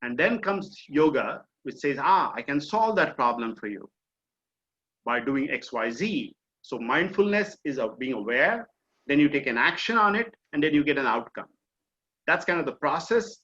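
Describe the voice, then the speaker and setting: A man's voice: a little high, fairly bright tone. A middle-aged man with an Indian accent, teaching an online mindfulness session in a conversational, explanatory way with frequent fillers. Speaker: mindfulness coach. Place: home or office on a video call. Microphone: video call. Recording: dull lo-fi video call audio.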